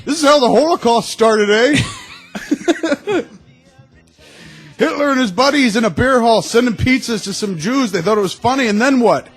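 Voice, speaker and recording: A man voicing a righteous, indignant Canadian man who scolds loudly and tacks "eh" onto his lines. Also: extremely high pitch, moderate pace, pauses often, slightly rough, soft background music, pitched above the performer's own voice. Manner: shouting, tacks on "eh".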